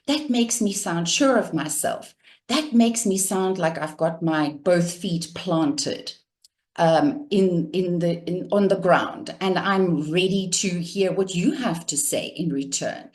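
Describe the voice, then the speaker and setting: Speaking slowly and deliberately, a woman who coaches communication gives a lesson and models intonation herself. Her voice is on the low side and slightly mellow.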